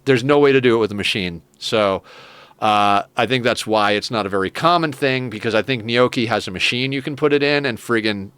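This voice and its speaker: A man's voice: mid-range voice, fairly quick, a bit bright, clean tone, no room sound. A young adult man streaming a game, chatting casually and rambling with lots of swearing and enthusiasm. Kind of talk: casual chat while playing a game.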